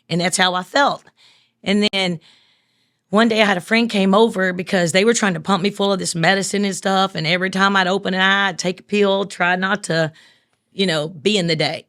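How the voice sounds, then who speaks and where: A woman's voice: medium pitch, steady tone, brisk, fairly bright tone. Brief: woman, guest on a talk show, earnest and blunt, shares painful memories in mid-range voice. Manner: earnest, plainspoken, with casual swearing. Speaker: guest, business owner. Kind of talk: emotional personal story in a conversation.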